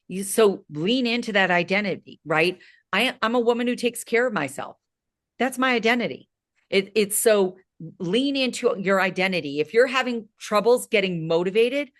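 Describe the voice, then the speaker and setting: Late-50s woman, fitness coach, energetic motivational pep talk, emphatic. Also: mid-range voice. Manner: energetic, emphatic, frequent "right?" tags.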